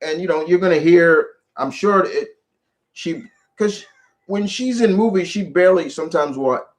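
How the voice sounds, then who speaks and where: A man hosting a casual live chat about movies, talking in an animated, rambling way with lots of restarts. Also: high voice, normal speed. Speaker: show host.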